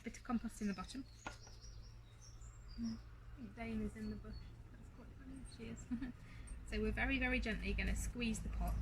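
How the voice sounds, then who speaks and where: A woman's voice: a little high, moderate pace, pauses often. A woman talking casually while repotting plants in a garden, giggling now and then and chatting to her dog between steps. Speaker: gardening vlogger. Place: garden outdoors. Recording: noisy outdoor recording.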